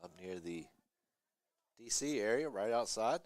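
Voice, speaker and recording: A man giving live play-by-play commentary on a college lacrosse game, chatty between plays and excited on big ones. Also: lowish voice, measured pace, dry recording. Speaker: play-by-play announcer.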